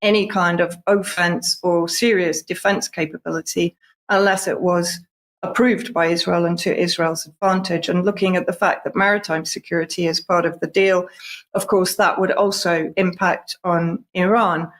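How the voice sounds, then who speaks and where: A woman giving steady, analytical news commentary. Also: on the low side, moderate pace.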